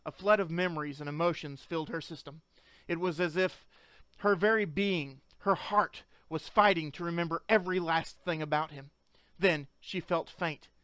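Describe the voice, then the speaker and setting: A man's voice: on the high side, a bit bright, no room sound. A man narrating a story as an audiobook, reading earnestly and shifting into each character's voice.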